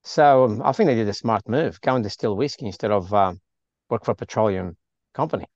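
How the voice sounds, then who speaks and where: A man's voice: lowish voice, fairly quick, darkish tone, dry recording. An Australian man co-hosting a casual whisky podcast, playful and jokey. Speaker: podcast co-host. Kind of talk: casual chat over whisky. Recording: dull, dry sound.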